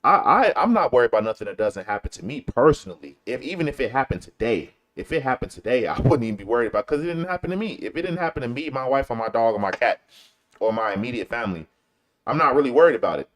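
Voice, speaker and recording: A man's voice: medium pitch, lively intonation, fast, fairly bright tone. A man from Chicago talking in a casual, slangy commentary style, repeating points for emphasis. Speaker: commentary show host. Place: lives in Texas.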